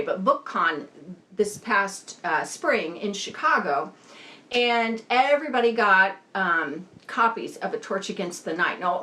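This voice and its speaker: A woman's voice: mid-range voice, sharp tone. A woman, tired and talking around a new retainer, chatting animatedly about books as a video host and laughing often. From Indiana. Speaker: BookTube host. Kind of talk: casual book chat.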